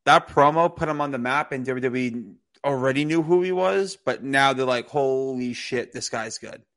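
On a casual wrestling podcast, this male co-host speaks at a moderate pace in a medium-pitched, fairly bright voice, rambling loosely with plenty of "you know" and restarted sentences.

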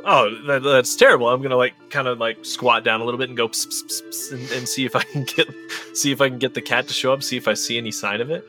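A man's voice: medium pitch, steady tone, fast, pushed and bright, faint music behind, lightly acted. A man voicing an eager young male water carrier during improvised tabletop role-play. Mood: concerned.

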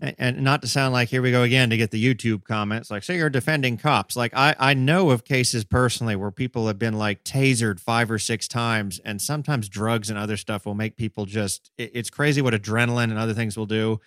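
A man co-hosting a casual podcast discussion, animated, acting out quotes in voices and building long metaphors. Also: medium pitch, brisk, few pauses, no echo, studio quality. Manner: talks in extended metaphors. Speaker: podcast co-host.

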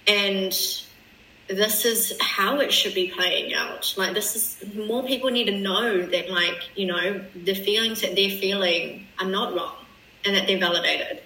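Rambly woman guest, bright voice, kinda echoey room, lots of "like". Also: medium pitch, unhurried, recorded from a distance. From New Zealand. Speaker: podcast guest. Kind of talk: casual chat.

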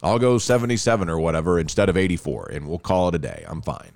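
A man, hosting a podcast and telling a story in a casual, animated way, laughing often and restarting phrases. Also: sits low, quick pace, creaky, dry recording. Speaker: podcast host.

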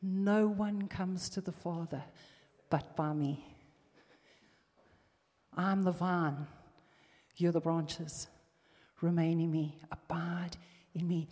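A woman preaching with a mellow, unhurried delivery, her voice carrying a long reverb through a church hall. She reads scripture and presses each point with fervent emphasis. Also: fairly low pitch, slightly rough. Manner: emphatic, rising to fervent exhortation. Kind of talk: sermon.

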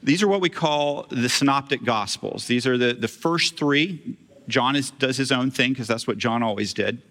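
Bright-voiced pastor preaching in a hall. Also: male voice, on the high side. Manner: conversational, self-deprecating, asides to the congregation. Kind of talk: sermon.

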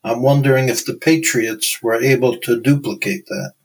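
Mid-pitched man talking football calmly. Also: low-quality recording. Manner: measured, conversational, uses fillers like "you know". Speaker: podcast co-host. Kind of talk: casual sports chat.

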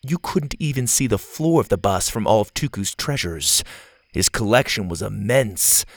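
Guy reading a kids adventure story, gravelly voice, really lively up and down delivery. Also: on the low side, normal speed, dry recording. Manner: animated, expressive reading. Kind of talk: scripted storybook narration.

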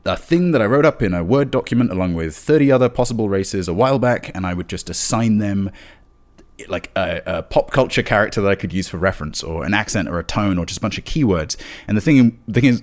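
Man, low voice, podcast guest, game master, rambling, laughs a lot. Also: a little fast. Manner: animated, rambling, laughs often. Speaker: guest, dungeon master of a tabletop actual-play show. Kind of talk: casual podcast interview chat.

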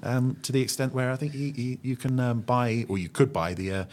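A man's voice: medium pitch, fairly quick, a little mellow. A man hosting a podcast, knowledgeable with a dry sense of humour. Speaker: podcast host. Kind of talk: casual chat.

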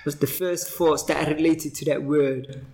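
A man's voice: on the high side, steady tone, normal speed, creaky, a little mellow. A man with an East London Cockney accent, coaching in casual chat, asking questions and often adding "innit". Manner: chatty, asks questions, often adds "innit".

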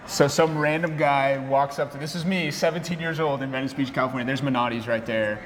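A young man telling an animated story in a casual interview, laughing often and saying "like" and "bro" a lot. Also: mid-range voice, a little fast, slight background noise. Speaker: guest, café owner and barista. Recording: echoey room with long reverb.

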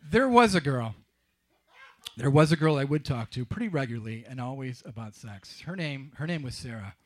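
A man's voice: medium pitch, expressive, normal speed. A man telling a personal story to a live audience in a wry, confessional way with dry humor.

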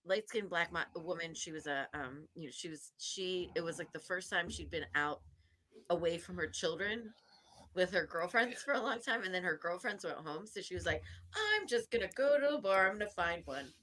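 A woman co-hosting a podcast, telling a lively story from her bartending shift and acting out the people in it. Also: on the low side, normal speed. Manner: animated storyteller, acts out voices, laughs often. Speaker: podcast co-host. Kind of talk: casual chat, storytelling.

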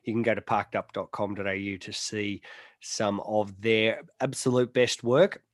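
A man's voice: on the low side, steady tone, normal speed, no room sound. An Australian man hosting a motorsport podcast, chatty and teasing, reading sponsor plugs between banter. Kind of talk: casual chat.

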